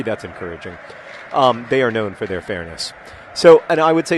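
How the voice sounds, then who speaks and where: A man's voice: medium pitch, quick pace. Guy chatting over a video game, rambly, lots of ums, noisy hiss behind. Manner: rambling, animated, many fillers and restarts. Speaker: gaming video host. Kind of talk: casual commentary while playing a video game.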